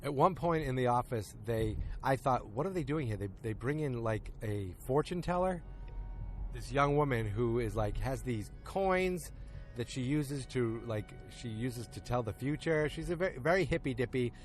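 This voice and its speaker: A man hosting a podcast, recapping an episode in a loose, casual way and acting out the characters' lines in quick quotes. He is recording outdoors in a park. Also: medium pitch, expressive, faint music behind. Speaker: podcast host.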